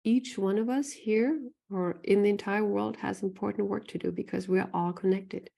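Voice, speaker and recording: A woman's voice: medium pitch, steady tone, normal speed, creaky, mellow. A woman who works as an animal communicator gives an earnest live online talk, reading from the chat and often asking "right?". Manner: earnest, repeats phrases, often asks "right?".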